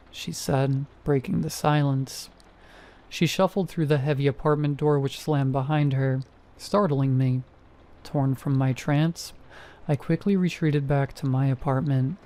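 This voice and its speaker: A man narrating a first-person horror story in a steady, measured way. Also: mid-range voice.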